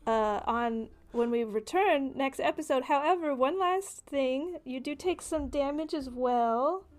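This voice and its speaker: A woman's voice: sits high, measured pace, a little mellow. A woman narrating a tabletop game as game master, speaking casually with lots of fillers.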